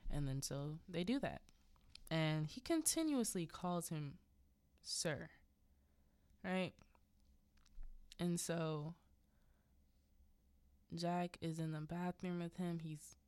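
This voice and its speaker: A woman's voice: lowish voice, animated, slow pace, long pauses, a little mellow, clean tone, dry recording. A woman hosting a podcast, casually recapping a movie in a rambling way with frequent laughs and fillers; English is not her first language. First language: a language other than English. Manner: rambling, laughs between lines, fillers like yada yada. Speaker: podcast host.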